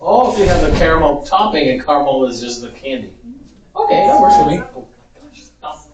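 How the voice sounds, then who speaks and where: Lively male teacher, amused and chatty, miked from afar in a roomy hall. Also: a little high, a little fast, heavy background noise. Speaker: Spanish teacher giving a talk. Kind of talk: informal lecture. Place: large echoey parish hall. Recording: echoey hall, distant mic.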